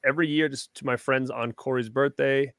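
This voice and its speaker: Male host for a live chat stream, bright and dry, shouts out viewers. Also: medium pitch, fairly even intonation, a little fast, dry recording. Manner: reads viewer comments, shouts out names.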